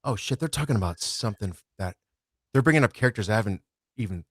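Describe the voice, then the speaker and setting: A man who narrates audiobooks, talking in a relaxed, rambling way as a podcast guest and swearing freely. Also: lowish voice, fast, breathy edge, no room sound, clean studio sound. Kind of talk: casual podcast chat.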